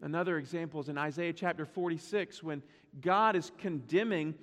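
A man's voice: on the high side, brisk, fairly bright tone. A man preaching a sermon to a church congregation, conversational and teasing, with playful asides. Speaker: pastor. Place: church sanctuary. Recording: long reverb of a church hall.

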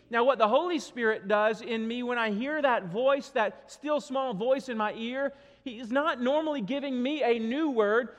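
A man with a notably high voice delivers an earnest sermon, repeating his key phrases for emphasis. The sound carries a long reverb from a large church hall. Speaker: preacher.

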